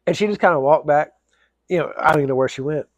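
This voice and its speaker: A man's voice: fairly high pitch, fast, no room sound. Folksy man telling a story. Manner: rambling, folksy, with many fillers and restarts. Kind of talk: casual storytelling.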